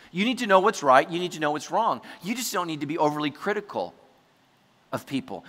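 A man preaching a sermon to his congregation, chatty and joking, acting out quick asides as he goes. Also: fairly high pitch, sharp tone. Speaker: pastor. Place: church hall before a congregation. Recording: large hall with long reverb.

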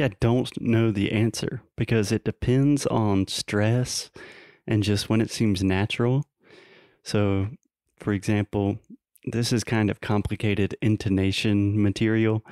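A man's voice: on the low side, a little mellow, clean tone, no room sound, clean studio sound. A man co-hosting a casual podcast and teaching English, teasing his co-host and explaining pronunciation.

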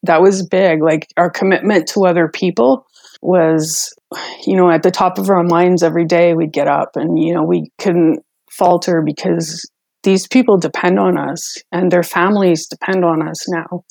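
Gravelly-voiced woman speaking earnestly. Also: on the low side, fairly even intonation, moderate pace, darkish tone, no echo. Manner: earnest, reflective, with fillers. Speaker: interviewee, business co-owner. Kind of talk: documentary interview.

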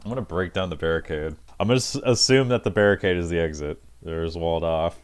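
A man's voice: low-pitched, quick pace, clear, resonant tone. A man playing a tabletop game as a player, casual and sweary.

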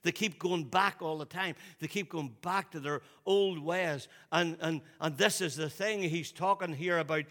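A man's voice: moderate pace, few pauses, fairly bright tone, big-room sound. A man preaching a sermon in a loose, conversational way, often repeating and restarting his words. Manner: conversational, repeats himself, drops to a low voice for quotes. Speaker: pastor.

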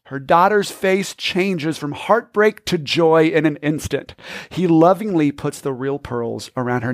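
A man's voice: fairly high pitch, unhurried, no echo, studio quality. A man hosting a podcast, telling a story in an upbeat, casual way. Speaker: podcast host.

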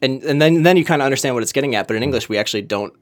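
Man, podcast co-host, from Minnesota, casual explaining, fillers, mid-pitched voice. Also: lively intonation, very fast. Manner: conversational, explaining with frequent fillers. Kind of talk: casual chat.

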